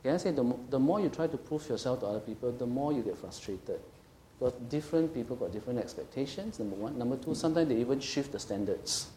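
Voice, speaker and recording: In an echoey space like a church hall, a middle-aged pastor delivers an emphatic, conversational sermon, frequently stopping to check that people follow. His mid-pitched voice has a dark tone and lively intonation, with slight background noise.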